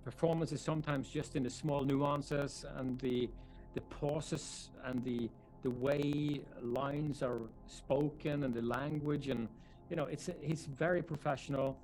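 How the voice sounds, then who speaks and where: A man, a film director, answering press interview questions in a thoughtful, halting way with many fillers. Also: a little high, steady tone, darkish tone, rough recording.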